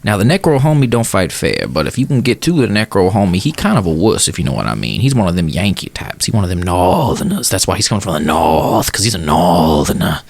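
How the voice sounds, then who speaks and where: A man voicing a folksy Southern informant, Pete Pan, in a put-on American Southern drawl with a gravelly voice. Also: low-pitched, big pitch swings, fast talker, few pauses, darkish tone, no room sound, full character voice. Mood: sly, conspiratorial.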